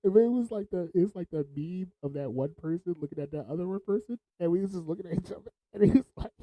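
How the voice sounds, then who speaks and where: A man's voice: sits high, quick pace, warm tone, poor audio. A man hosting a podcast, telling laid-back stories, laughing often and swearing freely. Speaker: podcast host. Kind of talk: casual storytelling.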